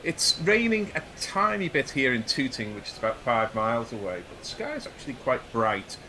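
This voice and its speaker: A man's voice: medium pitch, very animated, normal speed, bright, forceful tone, slight background noise. A man chatting on a cricket broadcast in a rambling, conversational way. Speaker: cricket commentator. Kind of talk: casual commentary chat.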